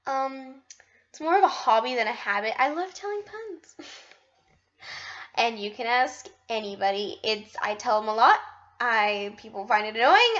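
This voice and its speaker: Bubbly high-voiced young woman vlogging. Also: expressive, normal speed, fairly bright tone, lo-fi sound. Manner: bubbly, rambling, self-deprecating. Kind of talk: casual vlog monologue.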